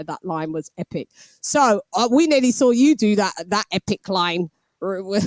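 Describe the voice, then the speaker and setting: With a mid-range, slightly mellow voice and no room sound, a British boxing show host in her forties runs a live stream. She keeps it casual, laughing as she reads viewer messages aloud.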